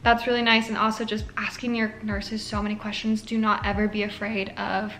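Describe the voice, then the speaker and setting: A woman's voice: medium pitch, little pitch movement, a little fast, fairly bright tone, a little hiss or hum. A young woman, a nursing student, chatting casually to camera with lots of filler likes and an emotional, earnest manner. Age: young adult. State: tearful at moments.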